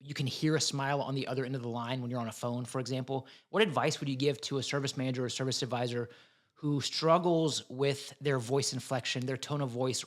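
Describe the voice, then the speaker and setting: Enthusiastic male podcast host. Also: medium pitch. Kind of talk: interview hosting.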